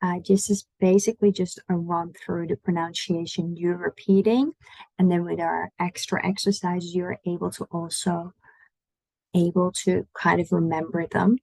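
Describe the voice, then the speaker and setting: A woman with a Dutch accent teaching an online Dutch lesson in English, patiently saying Dutch words slowly for the learner to copy. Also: lowish voice, little pitch movement, creaky, darkish tone, dry recording, poor audio.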